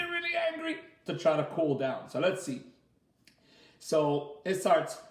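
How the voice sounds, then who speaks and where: Man reading a picture book to kids. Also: a little high. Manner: gentle and expressive, asks the children questions. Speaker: martial arts instructor. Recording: echoey room, far from the mic.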